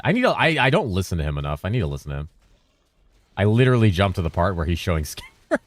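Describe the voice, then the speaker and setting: Deep bassy guy rambling to his stream chat, super low voice that bounces around a lot. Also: sing-song, quick pace, dry recording. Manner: rambling and loose, with bursts of laughter. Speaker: game streamer. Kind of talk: casual livestream chat answering viewers. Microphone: streaming mic through a mixer.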